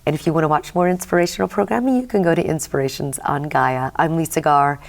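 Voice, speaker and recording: A woman's voice: deep voice, fast talker, vocal fry. A woman hosting an interview show, affirming her guest and closing the episode with thanks to viewers. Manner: warm affirming responses. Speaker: show host.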